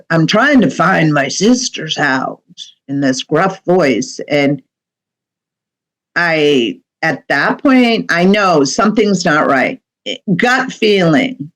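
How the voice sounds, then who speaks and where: A woman's voice: fairly low pitch, poor audio. A middle-aged woman, a medium, telling a personal story as a podcast guest in a chatty way, with many fillers and asides.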